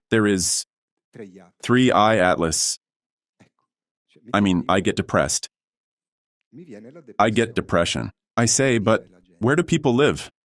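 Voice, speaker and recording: A man with an Italian accent giving an impassioned, indignant lecture at a conference, ranting and swearing at times. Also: fairly low pitch. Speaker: conference speaker. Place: theatre with audience.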